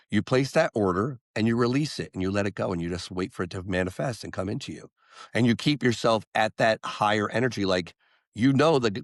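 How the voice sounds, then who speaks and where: A man, a singer-songwriter guest on an interview podcast, telling a story and acting out the quotes with lively jumps in voice. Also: fairly low pitch, dry recording, studio quality.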